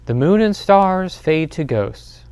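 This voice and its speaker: A man voicing a gentle mother owl who speaks softly and soothingly. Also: high voice, expressive, slow, clean tone, dry recording, pitched above the performer's own voice.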